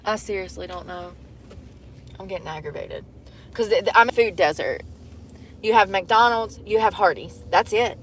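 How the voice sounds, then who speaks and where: A woman's voice: medium pitch, normal speed, long pauses, fairly bright tone, slight background noise. A young woman vlogging from inside a car, rambling and complaining in a blunt, heavily profane way. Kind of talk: casual rambling monologue.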